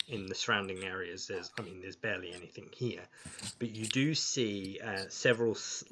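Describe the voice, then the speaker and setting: A man narrating a tabletop game as game master, unhurried, with many fillers. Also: lowish voice, a bit bright.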